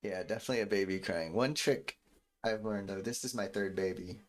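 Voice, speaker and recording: A man in his thirties, a music producer, speaks in a lowish voice at a fairly quick clip. He chats casually and rambles to his stream viewers while building a beat, with faint beat music playing behind him.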